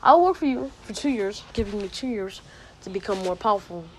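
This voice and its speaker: A woman voicing a cold, powerful young male warrior who calmly strikes a bargain, in a casual spoken retelling of a made-up story. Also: mid-range voice, a little fast, breathy edge, low-quality recording.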